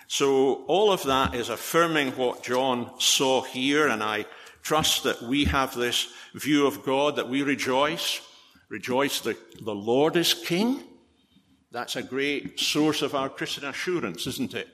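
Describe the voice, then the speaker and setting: A man preaching a sermon, with many "uh" fillers, who rises in pitch and volume when he quotes scripture. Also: slow pace, fairly bright tone. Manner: frequent "uh" fillers. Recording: long hall reverb.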